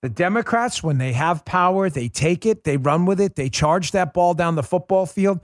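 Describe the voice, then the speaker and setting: Man, political commentary host, heated scornful rant, sudden low mutters, slightly high voice. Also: animated, moderate pace, no echo, clean studio sound.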